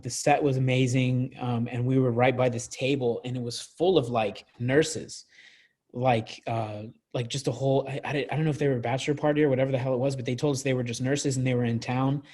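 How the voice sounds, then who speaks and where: A man's voice: medium pitch, fairly even intonation, brisk, darkish tone. A young man as a podcast guest, telling a story in a rambling way, full of fillers and restarts. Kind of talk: casual storytelling.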